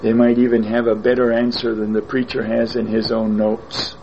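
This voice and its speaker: A man preaching a sermon in a slow, deliberate way, repeating his phrases for emphasis. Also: medium pitch, completely flat delivery, a little mellow, dull audio, a little hiss or hum.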